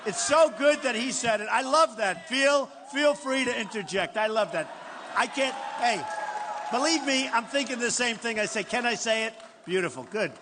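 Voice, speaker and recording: A man's voice: very high-pitched, expressive, normal speed. Older man with a New York accent giving a rambling, boastful rally speech. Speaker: political candidate at a rally. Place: large hall with crowd. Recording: roomy hall reverb, faint crowd noise.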